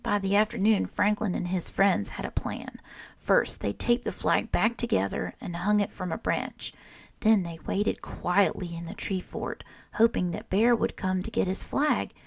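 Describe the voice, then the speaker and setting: A woman teacher reading a children's storybook aloud with steady, clear storytelling. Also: medium pitch, a little slow, dry recording.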